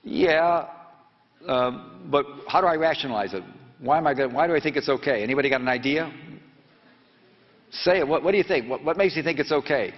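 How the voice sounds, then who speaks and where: In an echoey lecture hall, a reporter in his seventies tells students a story and fires quick questions at them. His voice is a little high, his intonation lively, and his speech halting and packed with fillers. The audio is dull and lo-fi.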